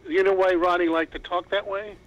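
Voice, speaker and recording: A man's voice: high voice, level tone, a little fast, fairly bright tone, muffled recording. A man on a panel, chatting casually with a wry, joking manner over a remote call. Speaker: panel member.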